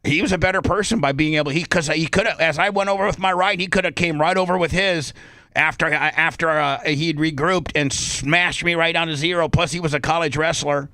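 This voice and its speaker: A man's voice: a little high, fairly even intonation, a little fast, sharp tone, no room sound. A male radio host telling a story in a brash, profane way, acting out both sides of an argument. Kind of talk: casual storytelling on talk radio.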